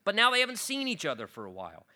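A pastor giving an earnest expository Bible-teaching sermon, repeating himself as he explains and turning animated as he retells the scripture. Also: high voice, racing.

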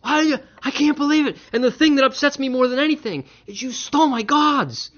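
A man voicing an indignant old father-in-law who whines and complains in a shrill, exaggerated tone. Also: lively intonation, brisk, a bit bright. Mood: aggrieved. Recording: dull lo-fi recording.

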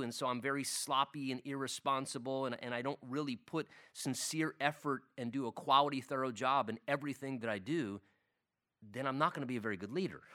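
Emphatic bright-voiced man teaching a class. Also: mid-range voice. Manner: emphatic, repeats key lines for emphasis. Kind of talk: church teaching session.

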